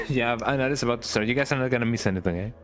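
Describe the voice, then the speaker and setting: A man's voice: medium pitch, rapid-fire, a bit bright, soft background music. A young man, casually commenting as he plays a game and rambling on with "eh?" tags. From Mexico. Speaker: gaming streamer.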